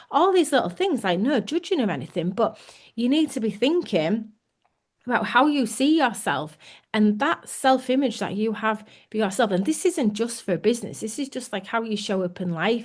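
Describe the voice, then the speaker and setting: A woman giving a candid, animated motivational talk as a business coach, acting out inner thoughts as she goes. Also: medium pitch.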